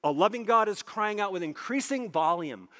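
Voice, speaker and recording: High-voiced preacher in a reverberant hall. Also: male voice, animated, pushed and bright. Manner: emphatic, repeats phrases for stress, drops low and slow on key points. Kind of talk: sermon.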